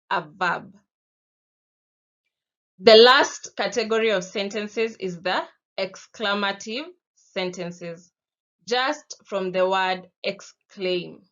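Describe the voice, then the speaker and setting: Slow, patient Kenyan woman teacher. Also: medium pitch, a bit bright. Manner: slow, patient, explaining with spoken examples. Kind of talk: recorded classroom lesson. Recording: dull lo-fi sound.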